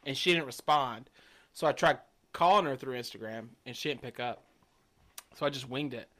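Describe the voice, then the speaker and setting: A man's voice: mid-range voice, normal speed, sharp tone. A man co-hosting a podcast in casual, profane chat, laughing often. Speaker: podcast co-host.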